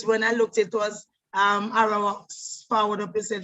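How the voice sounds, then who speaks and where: A middle-aged actress, telling her life story in an animated way, often repeating words as she goes. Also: mid-range voice, normal speed, muffled recording. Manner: animated, repeats words, breaks into voices and laughter. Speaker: stage actress. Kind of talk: personal storytelling monologue.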